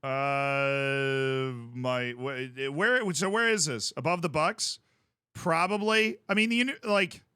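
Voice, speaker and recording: Casting note man, streamer, crisp bright voice, chatty and rambling, dry close sound. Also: a little high, dry recording. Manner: rambling, chatty, with frequent restarts. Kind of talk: casual livestream chat.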